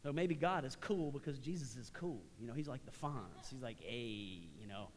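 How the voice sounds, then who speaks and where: A middle-aged man preaches from a church platform in an easy, conversational way. He lifts his voice for emphasis and then drops to a near hush. His voice trails off into the long reverb of a large sanctuary. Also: medium pitch, fairly quick. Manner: conversational preaching, swinging between raised emphasis and soft, hushed passages. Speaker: pastor. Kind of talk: sermon.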